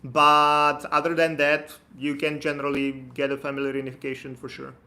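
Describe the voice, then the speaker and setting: A man from the Republic, hosting a casual live-stream Q&A. He is chatty and relaxed, laughs easily, and reads viewer comments aloud. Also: on the high side, a little fast, slight background noise. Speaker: immigration consultant hosting a live Q&A.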